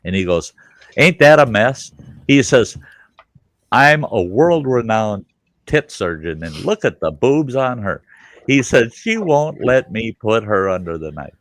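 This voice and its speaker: Guy hosting a stream chat, lowish voice, dead dry sound, does the voices, cusses a lot. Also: measured pace, no echo. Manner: animated storyteller, acts out voices, swears freely. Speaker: livestream host. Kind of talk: casual storytelling chat.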